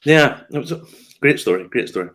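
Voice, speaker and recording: This man runs a casual whiskey news chat, rattling off stories with frequent laughter, fillers, and false starts. His voice is medium in pitch, expressive, fairly quick, and fairly bright in tone.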